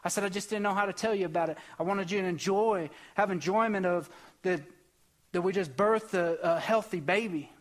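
Male preacher, young, fairly high voice, impassioned testimony delivery with surging emphasis. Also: fairly quick. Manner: emotional, impassioned storytelling with rising bursts. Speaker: pastor. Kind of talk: sermon testimony.

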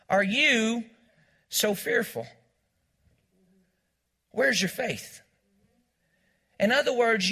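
A high-pitched, bright, forceful male voice leads a church sermon in call-and-response fashion. The pastor repeats important lines and calls on the congregation to say them back.

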